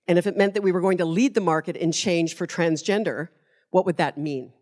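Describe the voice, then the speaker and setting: A woman's voice: fairly low pitch, brisk, a little mellow. A middle-aged woman, giving a conference keynote speech and telling stories in a passionate, emphatic way. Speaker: keynote speaker.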